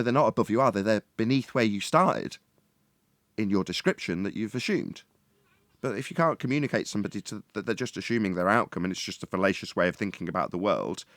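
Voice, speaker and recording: A man's voice: lowish voice, no echo, clean studio sound. A man in casual debate chat, arguing at length and mocking opposing views. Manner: argumentative, mocking impressions of opponents.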